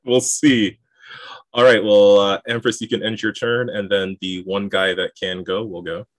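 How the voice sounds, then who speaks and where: Low-voiced man running a tabletop game. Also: flat delivery, normal speed, dry recording. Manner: explains rules while thinking aloud, chuckles often. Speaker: game master. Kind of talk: narrating and adjudicating a tabletop game.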